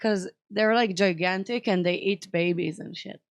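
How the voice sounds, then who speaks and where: A woman's voice: mid-range voice, normal speed, no room sound, studio quality. A woman, a podcast guest, chatting frankly with constant "like" fillers and some swearing. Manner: chatty, sprinkles "like", frank and profane. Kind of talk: casual chat.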